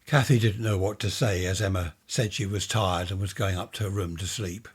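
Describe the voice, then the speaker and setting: A man narrating a ghost story in a measured, steady way. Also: sits low, slightly rough.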